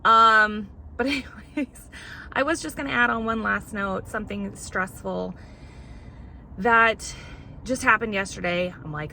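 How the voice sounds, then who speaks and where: A woman's voice: medium pitch, unhurried, gravelly, pushed and bright, a little hiss or hum. A woman vlogger in casual chat, rambling and candid while fighting back tears.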